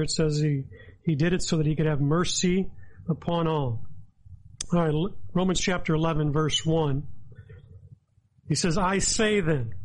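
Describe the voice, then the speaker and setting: Man, high-pitched voice, sermon, emphatic, reading scripture aloud. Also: rough recording. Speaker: pastor.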